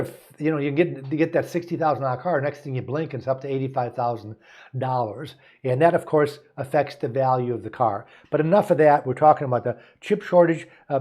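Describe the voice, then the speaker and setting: A man's voice: mid-range voice, a little mellow. A man from the United States who hosts a show as a car dealer. He gives casual advice, partly reads aloud, and rambles folksily with many asides and restarts.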